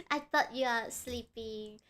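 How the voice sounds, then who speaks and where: A young woman streaming live, chatting in an excitable, rambling way with frequent giggles. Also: high-pitched. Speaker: streamer reacting to a video. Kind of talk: casual live-stream chat.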